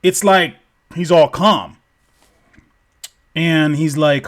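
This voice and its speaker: Man, casual storyteller, rambling, swears a lot, slow, fairly high voice. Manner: rambling, swears freely, lots of "like".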